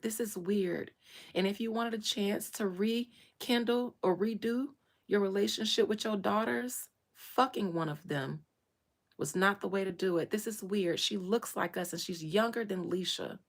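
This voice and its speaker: A woman, telling her own life story with strong feeling and repeating phrases for emphasis. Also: medium pitch. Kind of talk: emotional personal storytelling.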